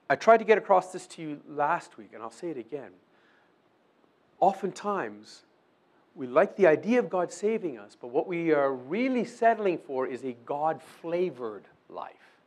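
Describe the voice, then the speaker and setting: A man's voice: high voice, fairly bright tone. A man preaching a sermon, asking his listeners questions and acting out quoted prayers. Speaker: pastor.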